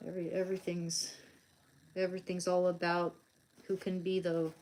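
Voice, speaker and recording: A woman's voice: lowish voice, monotone, moderate pace, darkish tone, a little hiss or hum. A young woman chatting casually on a live stream while she draws, rambling with many fillers and restarts.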